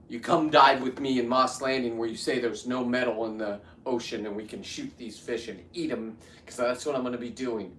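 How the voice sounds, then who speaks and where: A man's voice: mid-range voice, steady tone, a little fast, few pauses, fairly bright tone, a little hiss or hum. Fifties guy rambling at the camera while he works, restarts a lot, echoey room, mic kinda far. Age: 50s. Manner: rambling, restarts, heats up into ranting. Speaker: vlogger. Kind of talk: casual talk to camera while working.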